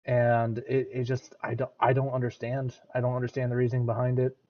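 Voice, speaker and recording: Brief: American guy, reaction streamer, halting thinking-out-loud delivery, a bit dull lo-fi mic. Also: medium pitch, completely flat delivery. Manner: hesitant, restarts and repeats words. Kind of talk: casual commentary.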